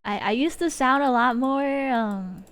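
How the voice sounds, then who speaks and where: High-voiced woman rambling on stream. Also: unhurried, slight background noise. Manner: rambling, giggly, many fillers and restarts. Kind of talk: casual chat while streaming. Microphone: desk mic.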